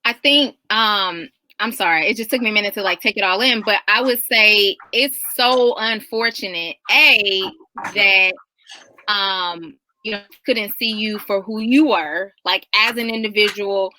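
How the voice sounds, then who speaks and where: A woman's voice: medium pitch, a little slow, pushed and bright, a little hiss or hum. A woman guest on a podcast, giving earnest and emphatic advice in a casual conversation.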